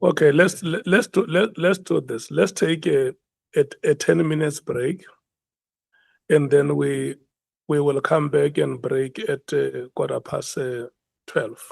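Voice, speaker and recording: A man's voice: on the high side, fairly even intonation, slow, gravelly, no room sound. A man chairing a parliamentary hearing, hesitant and often repeating words as he restarts. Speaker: committee chair.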